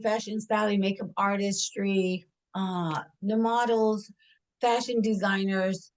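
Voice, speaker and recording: A middle-aged woman from Washington D.C. talks shop as a stylist in a relaxed interview. She tells her stories with energy, laughs often and slips into the voices of the people she describes. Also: medium pitch. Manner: animated, laughs often, acts out quoted voices. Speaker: hair and image stylist. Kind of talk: casual storytelling in an interview.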